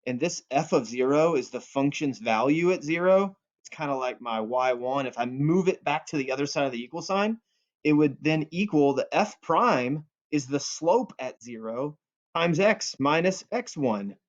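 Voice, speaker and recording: A male math teacher records a calculus lesson, playful and goofy, cracking jokes with his students. His fairly high voice is expressive at a normal speed, and the audio is dull and lo-fi.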